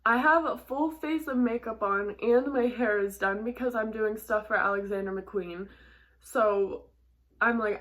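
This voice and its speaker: A young woman vlogger telling a stressful travel story in a chatty, animated way, full of "like" and quick laughs. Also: fairly high pitch. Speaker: model and vlogger. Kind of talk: casual storytelling to camera.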